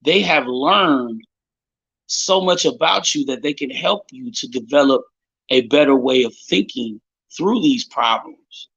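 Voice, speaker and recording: A man hosting a casual live-stream chat, talking in an animated, emphatic way and swearing often. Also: medium pitch, measured pace, vocal fry, husky, lo-fi sound. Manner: animated, profane, emphatic storytelling. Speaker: host.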